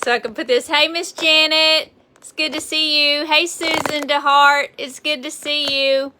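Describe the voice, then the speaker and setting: A Southern woman teaches a relaxed live painting lesson on a livestream, chatting as she goes and saying hello to viewers by name. Her voice sits high, her tone is steady, and she doesn't hurry. A mounted phone records her, with background noise present.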